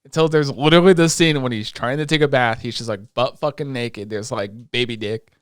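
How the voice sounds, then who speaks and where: A man co-hosting a podcast, chatting casually and excitedly with plenty of swearing as he retells scenes. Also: medium pitch, brisk, clean tone, no room sound, studio quality. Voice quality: excitable, profane, retells scenes in quoted voices. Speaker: podcast co-host. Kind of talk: casual chat recapping an anime.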